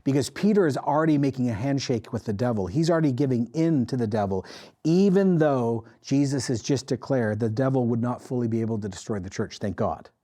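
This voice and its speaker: A man who is a pastor, preaching an animated sermon that rises loud and drops to quiet intensity, acting out the voices he quotes. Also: mid-range voice, a little fast. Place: church.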